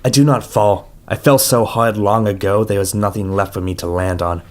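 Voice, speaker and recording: Deep-voiced man reading an audiobook. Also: fairly even intonation, moderate pace. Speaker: audiobook reader. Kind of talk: first-person audiobook narration.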